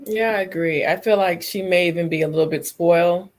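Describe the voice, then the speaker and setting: A woman's voice: lowish voice, brisk. A woman on a live stream panel says bluntly what she thinks. Her tone is casual and direct. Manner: blunt, opinionated. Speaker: panel guest. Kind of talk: casual opinion chat.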